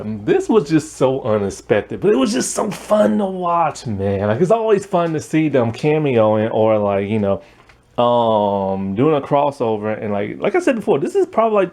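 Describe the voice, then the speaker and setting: A man's voice: medium pitch, a little mellow. Chatty man with a bouncy voice. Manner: rambling, laughs often, many fillers. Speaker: cartoon reviewer. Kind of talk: casual spoken review.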